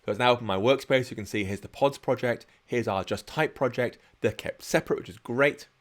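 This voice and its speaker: A man's voice: mid-range voice, brisk. Man talking through a live coding session. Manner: chatty, explains each step while working. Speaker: programming instructor. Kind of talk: live-streamed coding tutorial.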